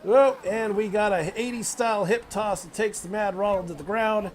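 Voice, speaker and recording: Young man, high voice, wrestling play-by-play, excitable, sudden loud outbursts, faint room hum. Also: normal speed. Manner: excitable, swears and laughs, sudden loud exclamations. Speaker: wrestling commentator. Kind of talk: play-by-play commentary on a video game wrestling match.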